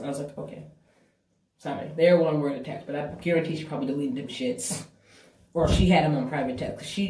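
A female vlogger with a deep voice tells the camera a casual, blunt breakup story, animated and full of swearing. She's off-mic in an echoey bathroom, with slight background noise.

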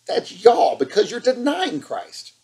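A man's voice: extremely high pitch, wildly swooping pitch, unhurried, mellow, poor audio. A man preaching an impassioned online sermon, fired up and scolding, hammering points with repetition.

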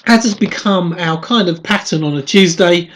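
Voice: mid-range voice, normal speed. A prayer leader opening midday church prayers in a casual, laughing manner with many fillers, and reading hymn verses. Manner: laughs often, relaxed, friendly filler-heavy talk. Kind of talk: casual chat and leading prayers.

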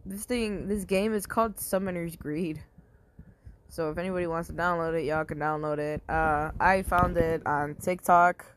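A woman's voice: lowish voice, fairly even intonation, moderate pace, slight background noise. A woman giving casual commentary while playing a mobile game, swearing often and yelping when things go wrong. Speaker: gamer.

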